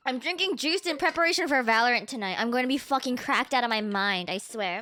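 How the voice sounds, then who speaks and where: A woman streamer chatting casually and excitably with her viewers, swearing freely as she greets them. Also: fairly high pitch, fast talker, hardly any pauses, no echo.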